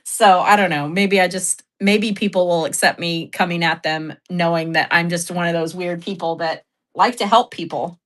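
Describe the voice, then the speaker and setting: A woman's voice: fairly low pitch, fairly even intonation, normal speed. A woman hosting a casual livestream, telling a story in a chatty way, laughing often and reading chat aloud. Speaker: livestream host.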